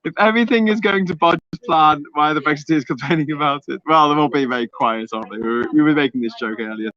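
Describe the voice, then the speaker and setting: A man's voice: on the high side, fast talker. A man co-hosting a live stream, teasing his co-host and reading out super chats in casual banter. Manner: teasing, jokey, animated. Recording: slightly dull lo-fi stream audio.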